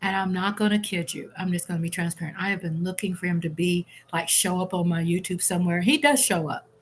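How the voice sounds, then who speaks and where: A woman's voice: lowish voice, quick pace, a little hiss or hum. Woman, live-stream host, casual chat at home, candid, chatty, reads out viewer comments.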